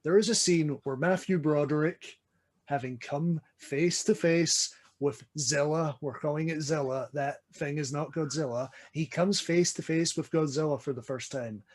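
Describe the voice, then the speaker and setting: A man's voice: on the high side, normal speed, darkish tone. Impassioned Scottish man ranting. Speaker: podcast co-host. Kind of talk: casual film chat.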